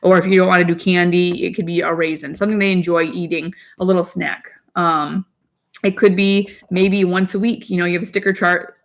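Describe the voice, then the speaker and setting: A woman's voice: fairly low pitch, flat delivery, fairly quick. A young woman, a mother, chatting casually to camera with parenting tips, rambling with side remarks.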